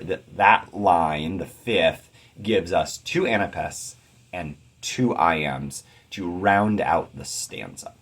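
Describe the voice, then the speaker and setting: Low, husky-voiced man teaching poetry. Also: lively intonation. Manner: chants rhythms as da-da syllables while reading verse aloud; thoughtful, measured explanation with occasional fillers. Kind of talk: explanatory lecture.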